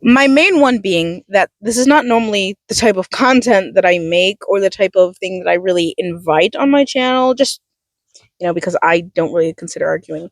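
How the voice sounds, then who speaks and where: A woman's voice: mid-range voice, lively intonation, normal speed, no room sound. A young woman from the United States vlogging a heated, profane political rant at her school, fighting back tears. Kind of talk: emotional political rant to camera.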